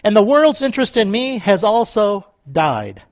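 A man's voice: sits high, big pitch swings, moderate pace, dry recording. A man pastor preaching a conversational sermon, with playful asides and laughter between scripture readings.

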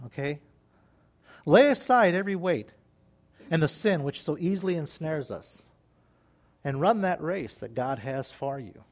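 Animated folksy preacher, high lively voice. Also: male voice, measured pace, long pauses. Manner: folksy and joking, laughs at his own asides; reads scripture aloud between comments. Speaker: pastor. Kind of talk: sermon.

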